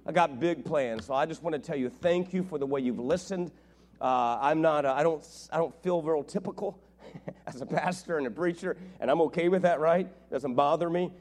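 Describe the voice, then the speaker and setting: A middle-aged man preaching as a visiting pastor, telling jokes and family stories in an animated way. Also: fairly high pitch. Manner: joking, animated storytelling. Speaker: guest preacher. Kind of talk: sermon.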